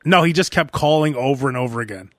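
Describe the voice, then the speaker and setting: A man hosting a podcast, chatting casually and telling animated stories in which he acts out phone calls and sometimes bursts into shouting. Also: medium pitch, quick pace, no echo, clean studio sound. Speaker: podcast host. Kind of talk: casual chat.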